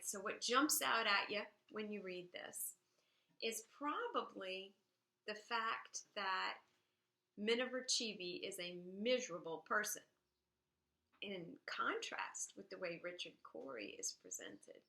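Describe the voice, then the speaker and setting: Bright-voiced woman teacher, echoey room. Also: mid-range voice, a little slow. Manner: explains step by step, checks in with "all right?"; reads poetry aloud with expressive emphasis. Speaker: high school English teacher. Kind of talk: recorded classroom lecture.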